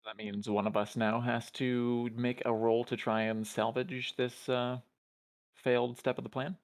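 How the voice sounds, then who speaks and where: A tabletop game player calmly explaining what the rules require next. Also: medium pitch, unhurried. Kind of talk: casual chat during a tabletop game.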